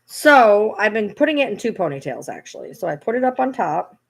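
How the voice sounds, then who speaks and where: A woman's voice: mid-range voice, very animated, fairly quick, gravelly, breathy edge. A woman vlogging casually at home, playfully scolding her dogs in a baby-talk tone. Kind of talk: casual vlog chat.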